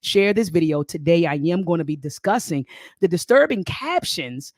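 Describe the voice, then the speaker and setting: A middle-aged woman hosting a live-stream commentary show, talking to her viewers as family, lively and repeating her phrases. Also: fairly low pitch, moderate pace, dry recording, studio quality. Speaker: host.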